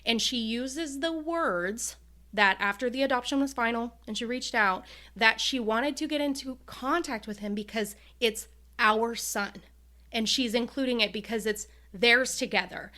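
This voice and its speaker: A woman's voice: fairly high pitch, a little slow, pushed and bright. A woman co-hosting a podcast in casual chat, retelling a story emotionally with many fillers. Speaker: podcast co-host.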